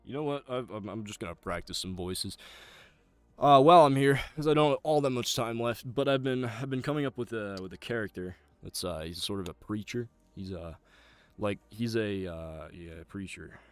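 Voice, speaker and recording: A man's voice: medium pitch, normal speed, smooth. A young man streaming voice-acting practice, chatting casually with joking, profane, self-deprecating asides into a close desk mic. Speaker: voice actor streamer. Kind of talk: casual livestream chat.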